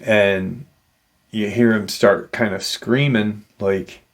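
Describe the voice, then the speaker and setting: A man with a low, gravelly voice retells a strange encounter for his show. He talks slowly and haltingly, filling the gaps with "you know" as he goes. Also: steady tone. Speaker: paranormal storyteller host.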